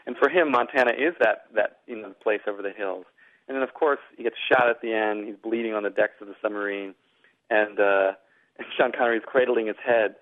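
A man's voice: lowish voice, fairly even intonation, fairly quick. A middle-aged man from Boston, an author answering interview questions in a rambling way, often repeating words. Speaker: author and guest. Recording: phone-like remote line.

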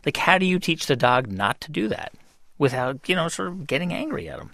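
A man's voice: a little high, big pitch swings, brisk, gravelly, a bit bright, no echo. A man hosting a radio show, asking questions in a conversational, curious way. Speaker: radio host.

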